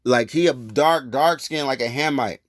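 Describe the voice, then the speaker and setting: A man's voice: medium pitch, normal speed, dry recording, clean studio sound. A man telling a personal story in loose, rambling, profane street talk. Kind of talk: casual storytelling.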